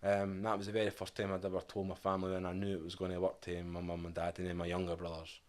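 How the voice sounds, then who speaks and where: Scottish male guest, thirties, low-pitched, frank reflective storyteller. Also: monotone, fast, a little mellow. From Scotland. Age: 30s. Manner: candid, reflective, quotes his past self and family. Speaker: podcast guest. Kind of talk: casual storytelling interview.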